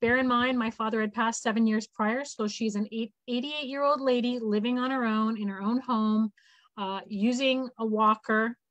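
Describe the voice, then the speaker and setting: A woman in her fifties, speaking fairly high for her age, hosts an online session over a video call. She tells a heartfelt story earnestly and acts out the people she quotes. Her voice sounds dry and close. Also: fairly even intonation, normal speed, fairly bright tone, dry recording, dull audio. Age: 50s. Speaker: host of an online information session. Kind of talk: casual storytelling.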